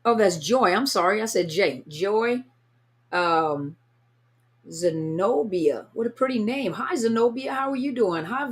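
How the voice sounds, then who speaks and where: A woman's voice: mid-range voice, lively intonation, measured pace. A woman hosting a casual live stream, greeting viewers one by one and sounding a little tired. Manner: warm, chatty, reads viewer names aloud. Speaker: livestream host greeting viewers. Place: at home, California.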